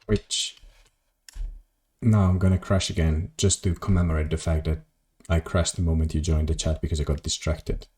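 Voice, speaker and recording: A man's voice: very deep voice, flat delivery, normal speed, a little mellow. A man streaming a video game, rambling casually to his chat and swearing at mishaps. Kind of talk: casual gameplay commentary.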